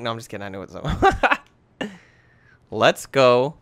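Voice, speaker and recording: A man's voice: mid-range voice, normal speed, long pauses, no echo. A man giving casual, jokey commentary while playing a video game, chatting to himself about what he sees. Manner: animated and jokey, talking to himself. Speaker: gamer commentating a let's play.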